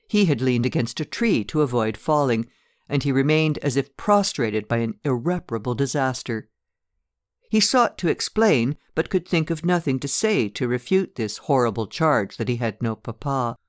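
A man narrating a classic short story in a measured, steady storytelling manner. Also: mid-range voice, no echo, studio quality.

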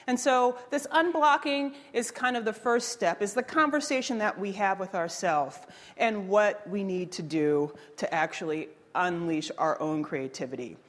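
A woman giving an energetic workshop talk, quizzing the audience and preaching her ideas. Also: medium pitch, normal speed, long reverb tail. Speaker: workshop speaker.

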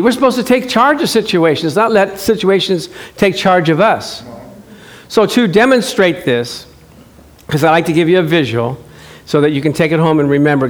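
A male pastor preaching, playful and animated, acting out scenes for his church. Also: sits high. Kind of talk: sermon.

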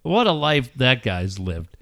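A man co-hosting a casual sports radio show, telling animated stories and laughing often. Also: mid-range voice, unhurried, gravelly. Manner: animated storyteller, laughing through wrestler impressions. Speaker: radio co-host.

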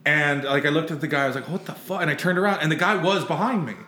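Bright-voiced man telling a rambling story. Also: fairly high pitch, very fast, reverberant. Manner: rambling, laughing, swearing freely. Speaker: podcast co-host telling a story. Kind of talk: casual comedic storytelling.

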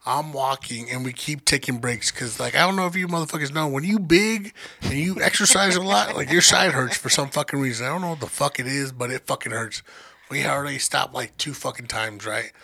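A man's voice: mid-range voice, fairly quick, gravelly, pushed and bright, no echo. An adult man telling a long, profane childhood story in casual chat, full of fillers like "you know what I'm saying.". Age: adult, grew up in the nineties.

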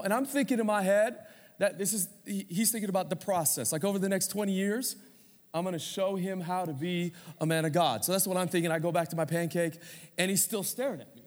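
Pastor, male, 30s, high-voiced, chatty sermon delivery with call-and-response, recorded in a reverberant hall. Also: a little fast, a little mellow. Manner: conversational preaching with audience call-outs.

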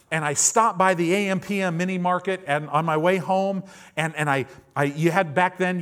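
Preacher, man in his fifties, somewhat high voice, animated testimony storytelling. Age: 50s. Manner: animated, repeats words, acts out the people in his story.

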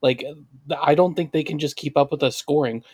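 A man's voice: a little high, fairly quick, darkish tone, slightly rough, dry recording. A man co-hosting a sports podcast, giving blunt, analytical takes in casual chat. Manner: blunt, analytical, confident picks. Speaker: podcast co-host.

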